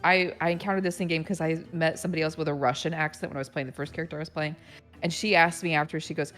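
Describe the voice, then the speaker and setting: A woman chatting on a podcast, agreeable and lively. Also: deep voice, rapid-fire, faint music behind. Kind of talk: casual podcast chat.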